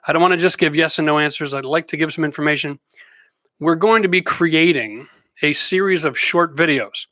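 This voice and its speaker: A middle-aged man hosts a live question-and-answer stream in a loose, joking way, calling out viewers by name. His voice sits fairly high and sounds bright and forceful. The close mic makes it dry, with almost no room sound. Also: fairly quick, no room sound. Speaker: host of a live renovation Q&A stream. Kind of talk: casual live-stream chat. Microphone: close microphone.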